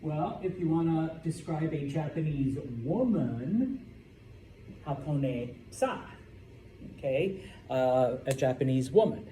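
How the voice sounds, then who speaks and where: A man's voice: a little high, unhurried, mellow. A man teaching a Spanish class, explaining grammar and often checking in with "okay?". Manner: checks in with "okay?" after each point. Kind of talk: classroom lecture. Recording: roomy classroom with faint background noise.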